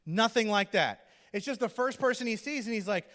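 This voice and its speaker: A man's voice: high-pitched, expressive, moderate pace, fairly bright tone. A male pastor giving a sermon in a conversational, joking storytelling manner.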